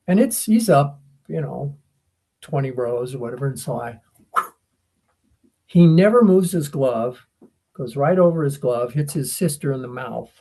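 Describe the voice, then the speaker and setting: Older guy spinning baseball yarns, gravelly husky voice, lively pitch swings. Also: a little slow, pauses often. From United States. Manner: animated, acts out quoted voices. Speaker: podcast co-host. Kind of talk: casual storytelling chat.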